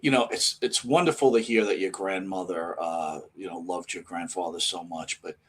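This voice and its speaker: A man with a somewhat low voice co-hosting a casual podcast. He piles on questions and restarts sentences, building up excitement as he goes. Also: normal speed, a little hiss or hum. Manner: rambling, enthusiastic questions with restarts. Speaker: podcast co-host.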